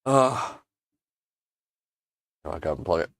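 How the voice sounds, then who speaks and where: A man's voice: sits low, lively intonation, unhurried, creaky, fairly bright tone, dry recording, studio quality. A man hosting a casual livestream from his home workshop, earnest and emotional, often restarting his sentences. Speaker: livestream host and maker.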